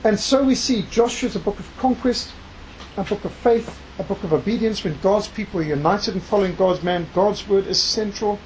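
An emphatic preacher delivers a sermon in a mid-range voice, weaving scripture readings into the message. Key phrases are drawn out slowly for weight. Faint background noise sits under the voice. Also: mid-range voice, darkish tone, low-quality recording. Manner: emphatic, slows down to stress key words; reads scripture aloud within the talk. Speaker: preacher and missionary.

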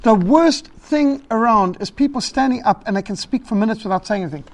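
A man teaching a church group about public speaking, emphatic and lively, listing his points and acting out rambling callers. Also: sits high, brisk. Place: meeting hall.

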